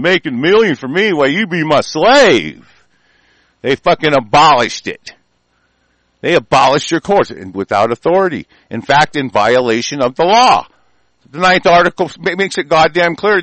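A man's voice: mid-range voice, no echo, low-quality recording. Furious cursing man, dry close sound. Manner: shouting, cursing, stammering repetitions. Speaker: ranting commentator. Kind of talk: profane angry rant.

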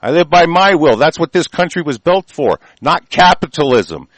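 A man on an angry political tirade, his fairly high voice swinging widely up and down. He rambles and restarts, peppering his speech with fillers and swearing. The recording is dry and close, with no room sound. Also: very animated, moderate pace, no room sound, poor audio. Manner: heated and rambling, frequent stumbles and fillers, profane. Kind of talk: political rant monologue.

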